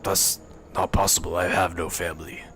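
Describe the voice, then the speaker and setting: Brief: man voicing a stubborn lizardfolk who rejects family, deep and gravelly. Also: flat delivery, normal speed, a bit bright, soft background music. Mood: defiant.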